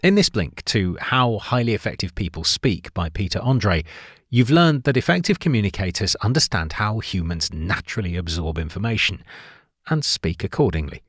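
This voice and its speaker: Lively low-voiced male book narrator. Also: dry recording, studio quality. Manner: clear, measured delivery with emphatic rises on signpost words. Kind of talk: scripted narration of a book summary.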